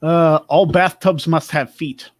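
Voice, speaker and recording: A man's voice: fairly high pitch, steady tone, slow pace, no room sound. A man hosting a casual talk show, reading out odd laws and joking about them. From Pennsylvania. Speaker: podcast host. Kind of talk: casual chat.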